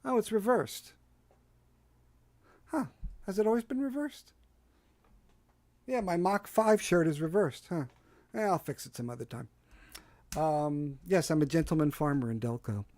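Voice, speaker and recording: This host, a man with a Delaware County Philadelphia accent, runs a casual solo livestream from his porch setup at home. His voice is a bit high and animated with a darkish tone, moving at a measured pace with frequent pauses. The desk microphone gives a dry recording as he rambles, puts himself down, and uses lots of fillers.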